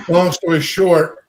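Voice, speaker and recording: A man from Texas telling a long story in a rambling, animated way, full of fillers. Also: high voice, slight background noise. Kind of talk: casual storytelling.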